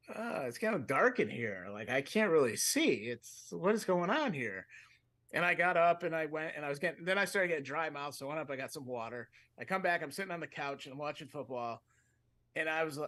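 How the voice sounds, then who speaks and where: A man with a fairly high voice spins a long, loose story on a comedy podcast. He rambles, cuts himself off and chuckles through his own sentences. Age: adult, with a fiance. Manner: rambling, animated, self-interrupting, laughs mid-sentence. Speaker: podcast co-host.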